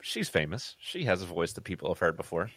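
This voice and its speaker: A man's voice: deep voice, sing-song, a little fast, a bit bright, no room sound. A man co-hosting a music podcast, talking casually and rambling with fillers and restarts. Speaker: podcast co-host. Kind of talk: casual music review chat.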